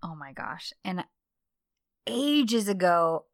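A woman's voice: fairly low pitch, very animated, slow pace, no echo, studio quality. A woman in her thirties co-hosting a podcast, joking sarcastically and laughing along in casual chat. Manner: playful, laughing, sarcastic agreement. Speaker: podcast co-host.

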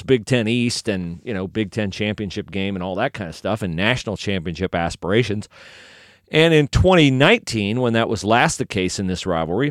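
Opinionated low-voiced Midwestern sports podcaster. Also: male voice, dry recording, clean studio sound. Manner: opinionated, chatty, rambling with self-corrections. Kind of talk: casual sports talk with a host-read ad.

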